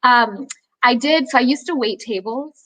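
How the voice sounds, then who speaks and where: Bright, animated young woman telling stories. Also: a little high, normal speed, rough recording. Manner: animated storyteller, acts out quoted voices, laughs often. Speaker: actress guest. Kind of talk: casual interview chat.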